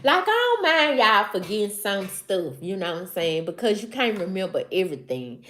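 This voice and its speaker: A woman's voice: mid-range voice, big pitch swings, moderate pace, fairly bright tone. A woman with a Southern accent from Mississippi, hosting a casual livestream and talking straight to her chat in a loose, slangy way that repeats itself. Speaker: livestream host. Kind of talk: casual live-stream chat.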